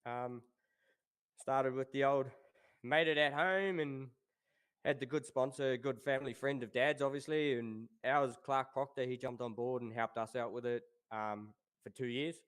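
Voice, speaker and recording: A man in his thirties with a New Zealand accent, chatting as a guest about his racing past in a relaxed way. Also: medium pitch, measured pace, smooth. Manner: relaxed, laid-back, says "obviously" and "um" often. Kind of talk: casual interview chat.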